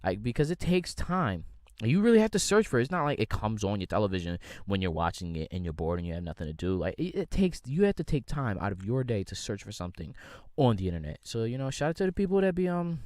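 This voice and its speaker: A man's voice: fairly low pitch, sing-song, quick pace, darkish tone, dry recording, studio quality. A young man from the United States hosting a podcast, ranting in a casual, rambling, slangy way with lots of swearing. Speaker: podcast host. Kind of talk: casual solo rant.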